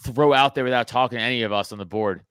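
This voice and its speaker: A man talking loosely on a podcast, voice sitting at an ordinary middle pitch. He curses freely and stumbles into restarts when he gets worked up. The recording is dry, with no room sound. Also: fast, clean tone, no room sound. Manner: profane, animated, frequent restarts. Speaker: podcast host. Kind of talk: casual chat.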